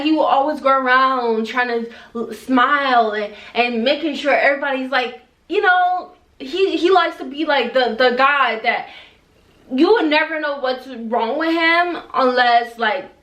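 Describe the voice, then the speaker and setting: A young woman telling a storytime vlog in a casual, animated and exasperated way, acting out both sides of an argument. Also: high-pitched, measured pace, echoey room, far from the mic. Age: young adult. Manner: animated, exasperated retelling with quoted back-and-forth. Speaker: vlogger.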